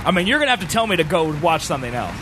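A man co-hosting a live stream, reacting to a broadcast with excitable, joking casual chat. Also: fairly high pitch, rapid-fire, music in the background. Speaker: stream co-host.

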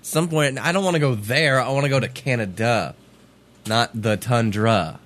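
A man's voice: mid-range voice, moderate pace, fairly bright tone. A man co-hosting a podcast, laid-back and teasing in casual chat. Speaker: podcast co-host.

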